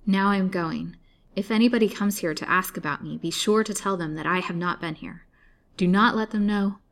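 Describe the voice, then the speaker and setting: A woman reading a storybook, voicing an exhausted, gentle young woman who pleads earnestly. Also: medium pitch, a little fast, close to an everyday voice. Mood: weary pleading.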